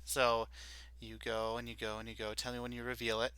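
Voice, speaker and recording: A man's voice: medium pitch, completely flat delivery, brisk, sharp tone, smooth, no room sound. A man running a tabletop game as dungeon master, narrating casually and laughing often.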